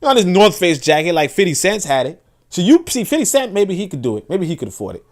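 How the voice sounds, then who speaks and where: A man hosting a podcast, giving animated, profane, casual political commentary and often repeating words as he restarts sentences. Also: high voice, fast talker. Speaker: podcast host.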